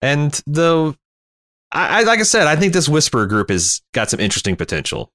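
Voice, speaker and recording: A man's voice: a little high, very animated, brisk, fairly bright tone. A man co-hosting a podcast, chatting casually and jokily about a TV episode, rambling with lots of asides. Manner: jokey, rambling, full of asides. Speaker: podcast co-host. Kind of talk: casual TV recap chat.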